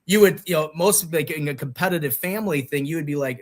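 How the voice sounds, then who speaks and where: A man's voice: fairly high pitch, fast talker, few pauses. Rambling male stream host. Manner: rambling, many restarts and fillers. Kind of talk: casual live stream chat.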